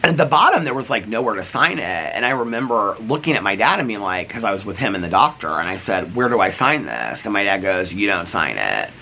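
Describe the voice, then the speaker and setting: A man's voice: on the low side, sing-song, fairly quick, vocal fry, few pauses, bright, forceful tone, slight background noise. A middle-aged man vlogging, telling a personal story in a chatty way, full of "like" and "you know", acting out quoted exchanges. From United States. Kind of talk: casual storytelling to camera.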